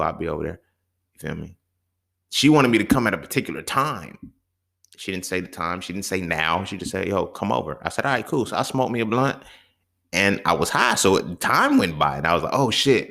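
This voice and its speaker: A young man with a very deep, gravelly voice, telling a story in a casual, profane monologue. He keeps checking in with "you feel me?" and swings from low mutters to sudden high exclaims. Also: lively intonation, fairly quick, a bit bright. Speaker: podcast host.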